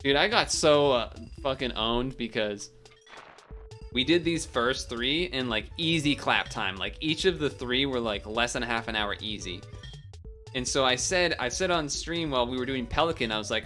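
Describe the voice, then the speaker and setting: A man's voice: mid-range voice, expressive, normal speed, bright, forceful tone, faint music behind. A young man with a Massachusetts accent chatting loosely with his stream audience, full of fillers and the odd swear. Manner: loose, laid-back, swears, lots of fillers. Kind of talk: casual stream chat.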